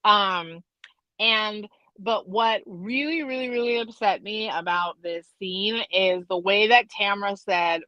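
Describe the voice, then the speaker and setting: A woman's voice: medium pitch, pushed and bright, no echo, lo-fi sound. A woman guest on a live show, indignantly picking apart a reality TV scene in casual chat, with lots of "like". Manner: indignant, fast-talking, lots of "like".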